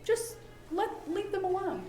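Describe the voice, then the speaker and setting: A woman giving a talk to parents as a behavior specialist. She is chatty and lively and often acts out quoted dialogue. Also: very high voice, a little slow, reverberant, soft background music. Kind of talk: presentation to an audience.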